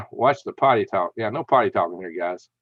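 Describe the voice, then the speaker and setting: A man's voice: lowish voice, expressive, moderate pace, breathy edge, no room sound, muffled recording. A man hosting a live stream, telling rambling anecdotes and reading chat with chuckles. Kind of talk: casual storytelling and reading chat.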